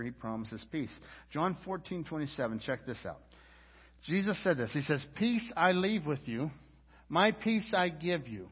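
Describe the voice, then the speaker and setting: Earnest preacher man in an echoing hall. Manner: earnest, repeats words, rises to fervent peaks then drops low. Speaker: pastor. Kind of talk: sermon. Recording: dull lo-fi sound with long hall reverb.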